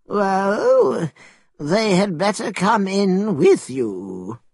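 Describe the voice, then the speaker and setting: Guy doing a wary old village man, high and thin, husky, slow, storybook voice. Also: sing-song, darkish tone, no room sound, studio quality, full character voice. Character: fussy old male villager, wary host.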